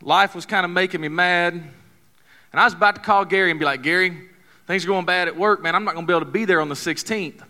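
A man's voice: high voice, quick pace, sharp tone. A man, preaching a sermon in a folksy, joking, conversational way, telling a story to his congregation. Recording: long hall reverb.

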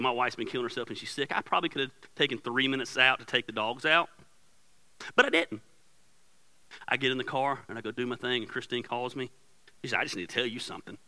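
A man's voice: medium pitch, rough recording. A middle-aged male pastor preaching a sermon in a church, telling a story about himself with lots of energy and acting out his wife's angry lines. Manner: animated storytelling, acts out his wife's yelling. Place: church sanctuary. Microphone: handheld or headset microphone.

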